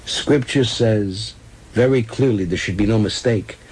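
A man reading a comic story aloud with animated, comic timing. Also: fairly low pitch, measured pace, slightly rough, low-quality recording.

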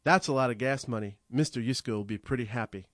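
A man's voice: mid-range voice, fast talker, dry recording, studio quality, natural voice. A man voicing a friendly, joking traveling companion. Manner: teasing, then sincere.

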